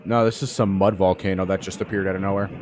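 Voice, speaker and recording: A man co-hosting a studio podcast, swearing freely and telling crude workplace stories with animated voices for the people in them. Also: deep voice, quick pace, background noise. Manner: profane, animated storyteller doing voices of coworkers. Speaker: podcast co-host. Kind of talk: crude casual chat and storytelling. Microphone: studio mic.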